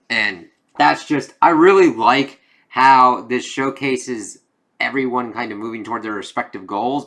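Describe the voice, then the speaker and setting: A man talks through a comic book review in a loose, casual way, reading out the characters' lines as he goes. His voice is bright and forceful, pitched a little low for a man, and he swears freely. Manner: reads comic dialogue aloud, casual and swearing.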